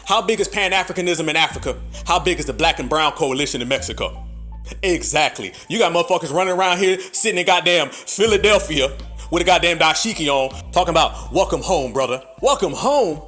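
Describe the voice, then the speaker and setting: A man's voice: fairly high pitch, quick pace, sharp tone, soft background music. An American man hosting a podcast, delivering heated, profane political commentary full of rhetorical questions. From United States. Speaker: podcast host.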